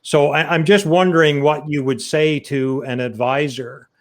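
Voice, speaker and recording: Man, interview host, measured, hesitant, thoughtful questions. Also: fairly high pitch, fairly even intonation.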